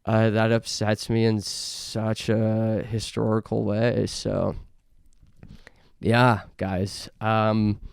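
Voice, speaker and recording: Young male podcast host from Canada, unhurried gravelly delivery, deadpan absurd riffs, dry close mic. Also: lowish voice, dry recording. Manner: absurd deadpan bits, frequent fillers. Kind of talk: rambling comedic monologue.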